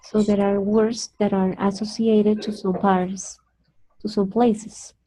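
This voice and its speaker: A Colombian woman, a native Spanish speaker, teaching an online English class slowly and carefully, repeating words for her students. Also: mid-range voice, little pitch movement, mellow, a little hiss or hum. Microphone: video call. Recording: dull lo-fi video call audio.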